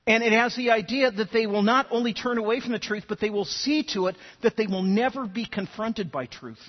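High husky guy preaching, animated, echoey hall, kinda muffled. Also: a little fast. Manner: animated storytelling, repeats words when starting. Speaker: pastor. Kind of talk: sermon.

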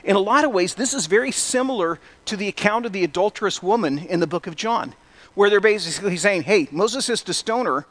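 Man, middle-aged, pastor, high voice, conversational sermon, wry asides. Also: fast talker, fairly bright tone. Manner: conversational, self-deprecating asides.

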